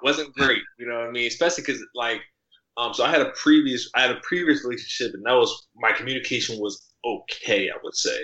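A man's voice: mid-range voice, fast talker, bright, forceful tone, echoey room, lo-fi sound. A man talking as a podcast guest in casual conversation, loose and rambling with many fillers and restarts. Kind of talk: casual interview chat.

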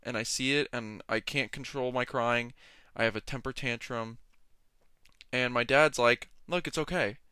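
Young male podcast host, rambling jokey rants, smooth voice, dry close sound. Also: mid-range voice, fairly even intonation, a little slow, pushed and bright, no room sound. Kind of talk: casual solo podcast monologue.

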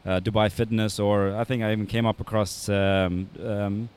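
A man's voice: on the low side, flat delivery, moderate pace, darkish tone, smooth. A young man in casual conversation as a podcast guest, talking hesitantly with restarts and quoting his own past thoughts. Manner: hesitant, with restarts and quoted self-talk. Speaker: podcast guest, fitness coach.

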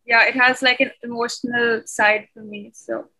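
A woman's voice: on the high side, flat delivery, moderate pace, bright, forceful tone, rough recording. A young woman from Pakistan in a casual group discussion, earnest and questioning. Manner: earnest, questioning, many fillers. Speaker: discussion participant.

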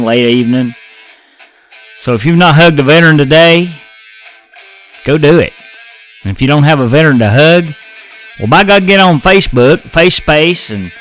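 A man's voice: on the high side, a bit bright, rough recording. An American man hosting his own podcast in a blunt, folksy way, swearing casually as he rants about news and sports. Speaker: podcast host. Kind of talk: casual political podcast rant.

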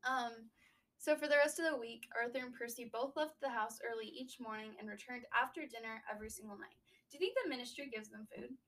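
A young woman co-hosting a casual book podcast, recapping a chapter and riffing with quick asides. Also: on the high side, a bit bright, recorded from a distance, poor audio. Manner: chatty, recaps then riffs with quick asides. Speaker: book discussion podcast host.

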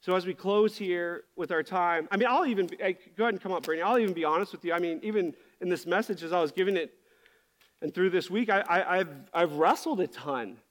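Male pastor, high voice, candid and passionate sermon delivery. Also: fast.

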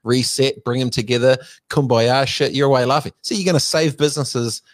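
A man's voice: medium pitch, a little fast, no room sound. A young man, co-hosting a podcast and brainstorming loosely while steering the talk back on track. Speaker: podcast co-host. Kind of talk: casual chat.

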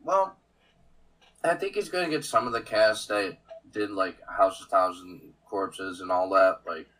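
A man's voice: fairly low pitch, measured pace, a bit bright, rough recording. A man co-hosting a podcast in casual chat, blunt and wisecracking. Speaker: podcast co-host.

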